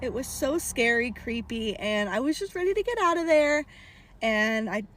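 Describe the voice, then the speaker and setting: A woman who works as a party performer and psychic medium excitedly tells a creepy story, acting out the voices. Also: fairly high pitch, moderate pace. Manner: excited, acts out the child's voice. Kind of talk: casual storytelling to camera.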